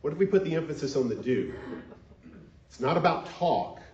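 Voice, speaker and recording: Male minister, earnest sermon delivery, mid-pitched, echoey lo-fi sanctuary sound. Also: animated, a little fast, a little mellow. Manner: earnest, leads call-and-response. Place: church sanctuary. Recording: dull echoey sanctuary recording.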